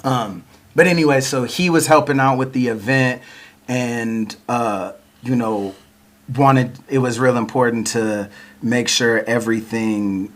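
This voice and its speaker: A man's voice: medium pitch, a little slow. Laid-back man telling a story. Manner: laid-back, chuckles often, many fillers like "like" and "you know". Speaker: podcast host and battle rapper. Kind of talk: casual storytelling chat.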